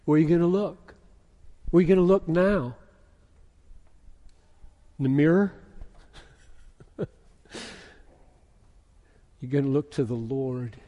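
A pastor preaching a sermon, moving from quiet musing into loud, intense emphasis. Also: male voice, on the high side, slow pace, pauses often, highs cut off. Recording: echoey hall with long reverb.

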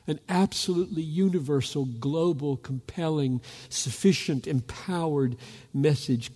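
A pastor preaching a fervent sermon, rising to loud calls as he urges his listeners. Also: on the high side, moderate pace. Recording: long reverb of a large hall.

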